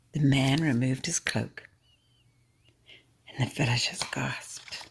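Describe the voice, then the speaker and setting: A woman reads a story aloud at a church service with a low, gravelly voice. Her tone is very husky, and she paces each sentence with measured, expressive care.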